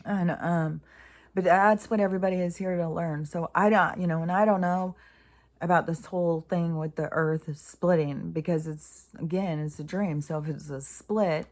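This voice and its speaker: A woman with a lowish voice talks to herself as much as to her listeners. She rambles and restarts as she thinks aloud, and her voice sometimes falls to a soft, near-whispered hush. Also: steady tone, normal speed. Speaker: spiritual vlogger. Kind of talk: casual spiritual musing.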